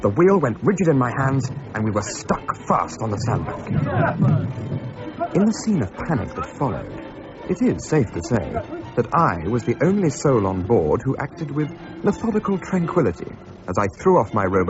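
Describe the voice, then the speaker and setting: An actor playing an English gentleman adventurer who narrates his tale, brisk and commanding, in a radio drama. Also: on the low side, sing-song, muffled recording, music in the background. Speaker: narrator and lead character.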